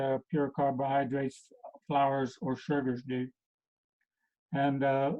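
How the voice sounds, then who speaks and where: Halting man presenting, tinny phone-like sound. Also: a little high, mellow. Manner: halting, many fillers. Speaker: health coach. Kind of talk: casual presentation to a group.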